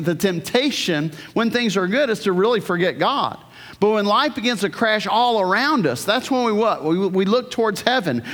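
An earnest pastor preaches with a high, light voice, often turning to the congregation with questions. His words trail off into a long reverb that fills a large hall. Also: fairly bright tone. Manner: earnest, asks the congregation questions, frequent restarts. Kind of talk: sermon. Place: church hall.

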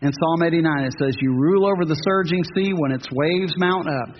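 Pastor, man, 50s: high voice, earnest sermon with emphatic peaks, dull church-hall recording. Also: fairly quick, a little hiss or hum. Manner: earnest, rising to emphatic peaks, joking asides. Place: church sanctuary. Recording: dull audio with long hall reverb.

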